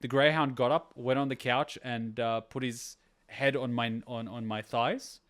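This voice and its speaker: A man hosting an anime reaction video, chatting casually, excitable, with loose rambling anecdotes and free swearing. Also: mid-range voice, unhurried.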